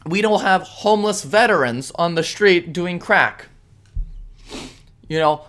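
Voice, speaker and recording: A man's voice: sits high, fairly bright tone. A man holds forth alone on his podcast in a heated political rant. He talks bluntly and with passion, often in a sarcastic tone. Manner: impassioned and blunt, with sarcastic mock-voices. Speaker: podcast host.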